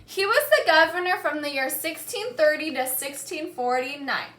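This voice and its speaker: An expressive female teacher with a bright, high-pitched voice conducts a call-and-response lesson, pausing after each key word for the class to echo it. She keeps her pace slow and her speech clear, and there is noticeable echo in the room.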